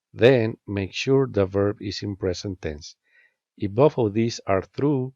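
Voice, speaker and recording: A man teaching an English grammar lesson, reading example statements and questions in a measured, scripted way. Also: fairly low pitch, darkish tone, dry recording. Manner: measured, reads statement and question pairs with careful rising intonation. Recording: dull, lo-fi dry voice-over.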